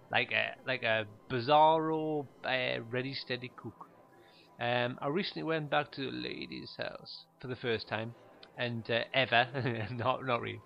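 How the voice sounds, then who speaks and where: A man telling stand-up stories in a deadpan, rambling way, full of fillers. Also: mid-range voice, gravelly, dull audio. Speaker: stand-up comedian. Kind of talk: stand-up monologue.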